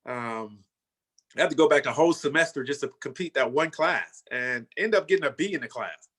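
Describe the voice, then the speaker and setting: A man's voice: medium pitch, lively intonation, fairly quick, fairly bright tone, slightly rough. A man in his fifties, a former football player, telling his story in a casual way and often saying "you know" and "man".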